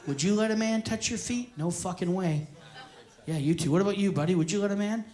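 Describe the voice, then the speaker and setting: A man, a stand-up comedian telling a story loudly and profanely on stage. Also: sits high, a little fast. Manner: loud, profane, often yelling. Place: theater stage before a live audience. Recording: live show with audience laughter.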